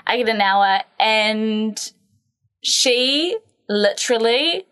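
Bright, animated woman storyteller. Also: on the high side, very slow, clear, resonant tone. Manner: animated storyteller, laughs often, swears casually. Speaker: podcast co-host. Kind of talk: casual chat.

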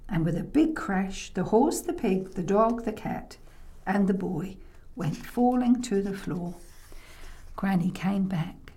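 A woman with a warm, medium-pitched voice tells a children's story slowly, in the oral tradition. She keeps it playful, producing the sound effects with her voice and prompting the audience to take part.

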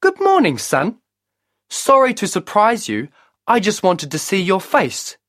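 A man's voice: high voice, huge pitch swings, a little slow, fairly bright tone, dry recording, studio quality, pitched above the performer's own voice, exaggerated voice. A man voicing a bold young male trickster hero in a storybook, earnest and grand.

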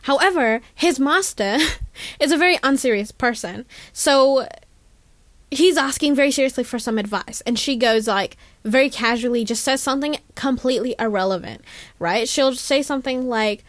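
A young woman hosts a radio show from a studio, chatting about a book in an animated, rambling way. Her voice sits fairly high, and the sound is close and dry. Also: normal speed, no echo. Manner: chatty, animated, full of "like" and "you know". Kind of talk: casual book review chat.

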